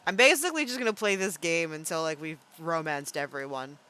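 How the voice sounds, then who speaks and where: A young woman streaming a game, chatting playfully and thinking out loud with plenty of fillers. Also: low voice, a little fast, clear, resonant tone. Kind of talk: casual live-stream game commentary.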